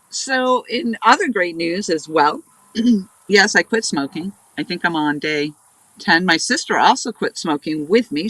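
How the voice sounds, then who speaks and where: A woman's voice: on the low side, sharp tone, no room sound, poor audio. A woman hosting a fishing livestream, chatting in a rambling, casual way and sounding stuffy and nasal from blocked sinuses. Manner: rambling, chatty, laughs often. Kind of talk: casual live-stream chat. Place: outdoors by a river.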